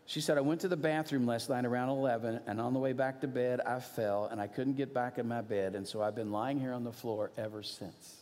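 A man's voice: mid-range voice, a little fast, few pauses. Earnest man preaching in a reverberant church. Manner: earnest storytelling, swings from animated to hushed. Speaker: pastor. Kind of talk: sermon. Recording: long hall reverb.

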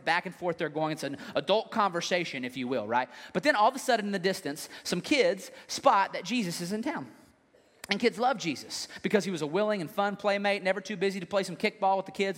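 A male pastor preaching a sermon in an animated, joking way. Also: high voice. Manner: animated, joking, acts out scenes. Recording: long hall reverb.

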